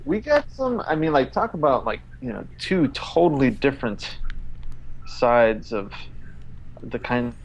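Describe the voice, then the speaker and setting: A man co-hosting a casual podcast, reading an email aloud in an exasperated, halting way full of fillers and swearing. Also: medium pitch, big pitch swings, dull audio, a little hiss or hum. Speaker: podcast co-host.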